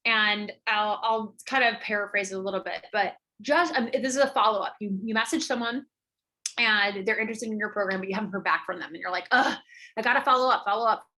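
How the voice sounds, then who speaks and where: A woman online business coach giving a live training, emphatic and energetic, often tagging her points with quick questions. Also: medium pitch.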